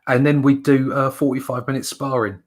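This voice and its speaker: A man's voice: medium pitch, fairly even intonation, fairly quick, noisy background. A British man hosting a casual chat, rambling with many fillers and restarts. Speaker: host.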